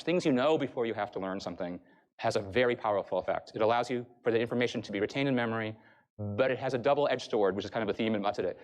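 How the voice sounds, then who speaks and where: A male professor giving a university lecture and explaining things briskly to his audience. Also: medium pitch. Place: lecture hall.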